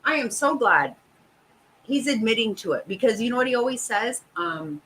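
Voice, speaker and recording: Bright-voiced woman ranting. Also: fairly high pitch, lively intonation, moderate pace, a little hiss or hum, poor audio. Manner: profane, exasperated, laughing often. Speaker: host. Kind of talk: casual chat.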